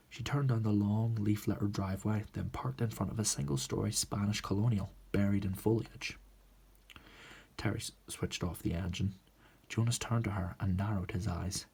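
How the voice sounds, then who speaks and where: A man reading a novel aloud in a soft, relaxed manner as a whispered role-play storyteller. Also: fairly low pitch, normal speed, creaky, slightly rough. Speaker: ASMR storyteller.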